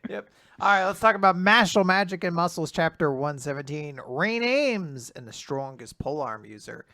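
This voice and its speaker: A man's voice: fairly high pitch, animated, moderate pace, pushed and bright, no echo, clean studio sound. A young adult man co-hosting a casual comic podcast recap, acting out characters in silly voices. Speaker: podcast co-host.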